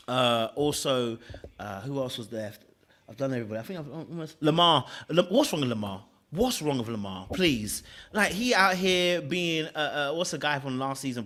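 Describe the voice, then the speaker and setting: A man casually reviewing a reality dating show, animated, laughing, and often checking in with "okay? all right?". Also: medium pitch.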